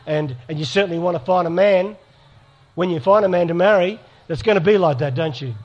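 Middle-aged aussie guy preaching to a crowd, earnest storyteller, kinda high voice. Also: a little fast, dull audio. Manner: storytelling, earnest, with acted dialogue. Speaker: speaker. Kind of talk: sermon to a live audience.

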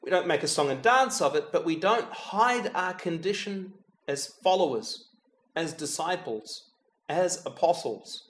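His voice a little high for a man, this preacher gives an animated yet measured, unhurried meditative homily, praying aloud as he reflects. He speaks to Jesus directly, sinking to a near-whisper on the holy name, with an occasional dry touch of humor.

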